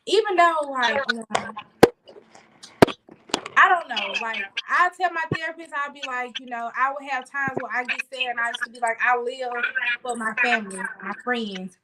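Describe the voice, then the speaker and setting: A young woman in casual conversation, talking openly and candidly, with many "like" fillers. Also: sits high. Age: young adult. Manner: open, candid, fills with "like". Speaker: guest. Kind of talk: casual chat. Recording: loud background noise.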